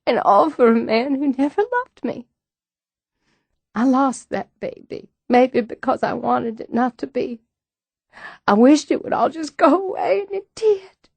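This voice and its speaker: A woman voicing a fragile, ashamed young woman in an audiobook, with a halting, emotional delivery. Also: medium pitch, darkish tone, dry recording. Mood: distraught. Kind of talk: audiobook dialogue.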